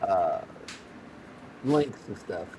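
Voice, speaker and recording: An older retired man co-hosting a casual livestream chat, relaxed and quick to laugh. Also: low-pitched, a little hiss or hum. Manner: easygoing, laughs often. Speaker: livestream co-host.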